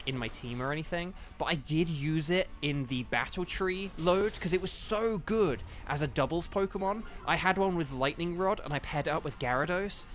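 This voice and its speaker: Chatty man streaming a game, slightly high voice. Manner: chatty, lots of ums, excited bursts. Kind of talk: casual live gameplay commentary.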